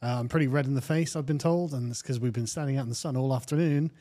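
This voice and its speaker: A British man who is a guest on a political talk show, speaking in a relaxed, conversational way and quoting texts at length. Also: mid-range voice, fast talker. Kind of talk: casual political chat.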